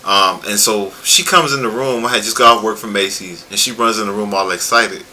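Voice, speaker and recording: A man's voice: on the low side, a little fast, a little hiss or hum, rough recording. A man hosting a casual panel chat over a video call, telling stories and laughing often. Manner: animated storyteller, laughs often. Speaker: panel host.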